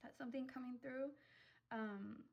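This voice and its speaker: A woman's voice: high-pitched, fairly even intonation, normal speed, vocal fry, a little mellow, dull audio. Young woman doing a tarot reading, super chatty, lots of um and like, gets kinda emotional. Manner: chatty, full of "um" and "like", emotional and effusive. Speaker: tarot reader. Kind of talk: casual pick-a-card tarot reading.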